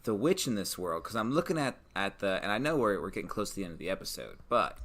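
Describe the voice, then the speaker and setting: Low-voiced guy co-host, thinking out loud, lots of restarts and ums. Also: very animated, fast talker, slight background noise. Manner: thinking aloud, hesitant, many restarts. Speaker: podcast co-host. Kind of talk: casual brainstorming chat.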